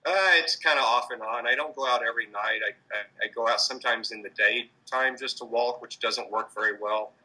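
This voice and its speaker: A man's voice: medium pitch, fairly even intonation, brisk, few pauses, sharp tone, slightly rough, low-quality recording. A man answering interview questions about his street performing, hesitant, with many fillers and restarts. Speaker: street performer in mobster costume.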